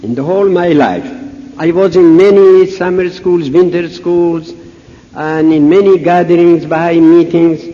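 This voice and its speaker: An older Persian man speaks unhurried, halting English, acting out both sides of a conversation as he tells a funny story. His voice sits high for a man. The recording is muffled and lo-fi, with a long hall echo and a faint hiss. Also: steady tone. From Iran. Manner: halting non-native English, storytelling with dialogue. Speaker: conference speaker. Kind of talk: humorous anecdotal speech. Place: large conference hall. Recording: echoey hall, dull lo-fi audio, faint hiss.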